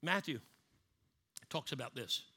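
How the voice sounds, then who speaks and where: A man preaching a sermon, swinging from loud emphatic lines down to low, hushed ones. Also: lively intonation, unhurried, breathy edge. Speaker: pastor.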